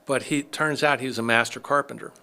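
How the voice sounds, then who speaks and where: A man's voice: medium pitch, fairly even intonation, fairly quick, bright, forceful tone. A middle-aged man, a chiropractor, telling his story as a podcast guest, acting out the dialogue of people he quotes. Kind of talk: casual storytelling interview.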